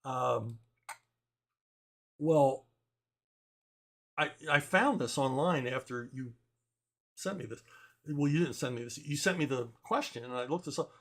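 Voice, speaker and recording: Male comic writer, casual Q&A host: wry, blunt, rambling, frequent chuckles, average pitch. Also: measured pace, long pauses. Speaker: comic book writer answering viewer questions. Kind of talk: casual opinionated chat.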